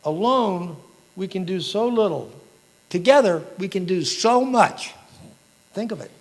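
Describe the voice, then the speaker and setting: A man's voice: high voice, lively intonation, measured pace. A man giving an emotional, inspirational banquet keynote speech, quoting famous sayings. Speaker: keynote speaker. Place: large banquet hall. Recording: reverberant hall.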